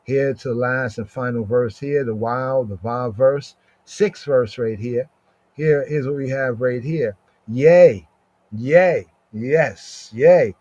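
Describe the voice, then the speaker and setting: A man teaching scripture in a slow, deliberate way, repeating phrases and often asking "right?". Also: medium pitch, darkish tone. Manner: repetitive, drawn-out recitation with frequent "right?". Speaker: podcast teacher. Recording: slightly dull lo-fi audio.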